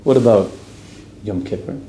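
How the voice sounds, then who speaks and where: A man's voice: fairly low pitch, normal speed, mellow. A man teaching a casual religious class, asking his group questions and talking in a loose, chatty way. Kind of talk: casual Torah class with storytelling. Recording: roomy echo, faint room noise.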